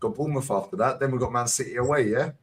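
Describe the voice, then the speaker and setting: A man's voice: mid-range voice, husky, poor audio. A man with a London accent, bantering animatedly about football as a fan channel co-host. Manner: animated, boisterous, slangy, quick to laugh.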